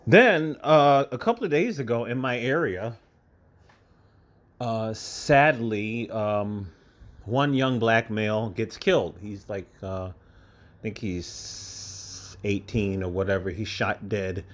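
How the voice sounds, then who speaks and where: A man from New York State talking straight to camera in a casual monologue, emotional and halting, holding back tears and repeating his words. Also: lowish voice. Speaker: vlogger.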